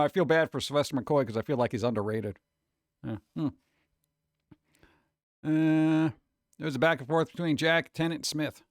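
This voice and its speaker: A man with a rather high voice chats casually and rambles on a live stream, humming and scatting to himself, his throat a little sore. The sound is clean studio audio with no room sound.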